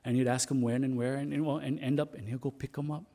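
A man preacher telling a story in his sermon, halting now and then and repeating words. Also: mid-range voice, flat delivery, warm tone.

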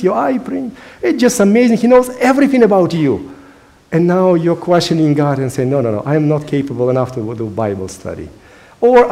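A pastor preaching in English, his second language, in an earnest and emphatic way, pausing often with small hesitations. His voice sits a bit high for a man, with a mellow, soft tone. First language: not English. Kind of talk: sermon.

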